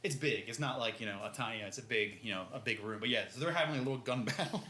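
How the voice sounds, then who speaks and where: A man with a bright, forceful mid-range voice talks fast while co-hosting a podcast. In this casual book chat he recaps a chapter with slang and acts out what the characters say.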